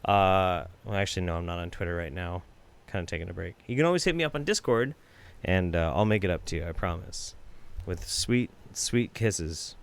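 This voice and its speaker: A man's voice: low-pitched, quick pace, creaky, clear, resonant tone. A man hosting a live stream, reacting to videos with profane, sarcastic rants and reading out viewer donations. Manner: reads viewer donations aloud.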